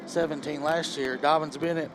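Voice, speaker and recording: Guy hosting pregame football, kinda higher voice, music going behind him. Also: fairly even intonation, normal speed, crowd noise, low-quality recording. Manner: casual, conversational, leads the segment. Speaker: play-by-play host. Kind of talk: pregame sports commentary. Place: outdoors at a football field.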